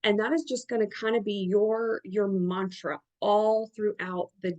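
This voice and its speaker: A woman's voice: medium pitch, steady tone, a little slow, hardly any pauses, muffled recording. A woman with a Southern Alabama accent, a therapist giving encouraging advice on a video call and repeating her points with emphasis. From Alabama, USA. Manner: warm encouraging, emphatic repetitions. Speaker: therapist hosting a group session.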